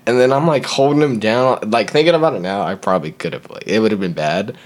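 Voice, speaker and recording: On the low side and talking fast with lively intonation, this young podcast host wanders through a casual story. It's packed with filler words, and he performs the voices of everyone in it.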